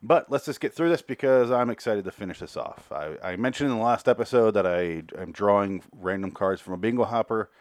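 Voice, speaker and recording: A man's voice: fairly low pitch, animated, a little fast, hardly any pauses, dry recording, studio quality. A man hosting a solo review podcast, recapping an episode in a rambling, profane, chatty way. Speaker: podcast host reviewing a TV series.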